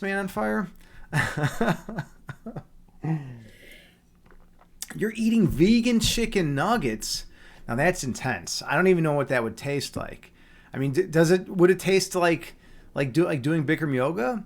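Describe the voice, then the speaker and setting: A man's voice: fairly high pitch, lively intonation, measured pace. A man hosting a livestream, chatting casually with viewers in a joking, teasing way, with many restarts and fillers. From Chicago. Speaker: livestream host.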